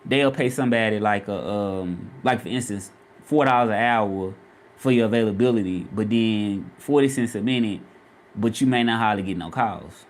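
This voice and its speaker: A man's voice: fairly low pitch, normal speed. Southern man chatting casually on a livestream. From Memphis, Tennessee. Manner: chatty, repeats questions, reads out viewer comments. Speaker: vlogger and freelance Spanish interpreter.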